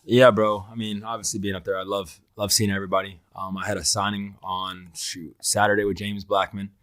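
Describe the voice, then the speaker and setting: A man's voice: fairly low pitch, flat delivery, a little fast, fairly bright tone, clear, resonant tone, no echo, studio quality. A young man co-hosting a podcast, telling a story in an earnest, emotional way, full of fillers and "bro". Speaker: podcast co-host. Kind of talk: casual podcast chat.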